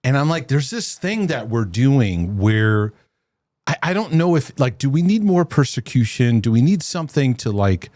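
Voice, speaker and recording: A man hosting a casual talk show with his wife, animated, often repeating words and restarting. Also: mid-range voice, normal speed, no room sound. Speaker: host.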